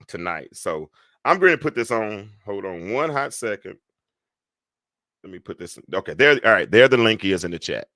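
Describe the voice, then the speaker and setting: Deep-voiced man hosting a call-in show. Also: no room sound, clean studio sound. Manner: rambling, animated, jumps between loud and soft. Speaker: talk show host. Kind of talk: live call-in show chat.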